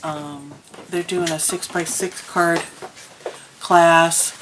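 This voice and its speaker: A woman's voice: lowish voice, fairly even intonation, very slow, background noise. A woman vlogger chatting casually about crafts, telling stories with plenty of ums. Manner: chatty, storytelling with many ums. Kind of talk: casual chat.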